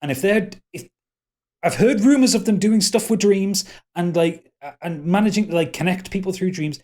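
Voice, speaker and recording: A game master voicing a jittery, swearing tavern keeper who gives rushed warnings in a raised voice. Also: male voice, on the high side, steady tone, darkish tone, pitched above the performer's own voice, lightly acted. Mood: alarmed. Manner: panicky, cursing, rushed warnings. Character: jittery middle-aged male tavern keeper, swears a lot.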